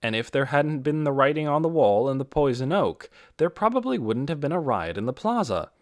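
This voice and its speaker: A man narrating an audiobook in a measured, dramatic storytelling manner. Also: a little high, sing-song, no room sound, studio quality. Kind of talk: scripted narration.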